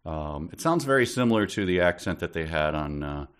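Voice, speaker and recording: Deep, animated man on a podcast. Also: clear, resonant tone. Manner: jokey, quick asides, breaks into silly voices. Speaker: podcast co-host. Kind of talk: casual book podcast chat.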